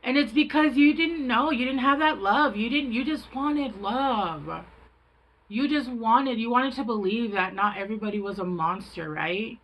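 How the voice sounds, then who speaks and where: A woman's voice: a little high, moderate pace, highs cut off. A woman giving a casual, rambling tarot reading, frank and chatty, often stopping to restart her sentences. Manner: rambling, chatty, self-interrupting. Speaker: tarot reader.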